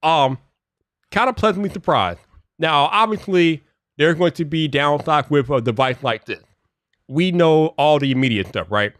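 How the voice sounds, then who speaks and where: A man's voice: fairly high pitch, lively intonation, normal speed, dry recording, clean studio sound. Chatty man greeting his live chat. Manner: chatty, greets viewers by name, laughs often; mutters to himself while fixing software. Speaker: live stream host. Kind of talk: casual live stream chat.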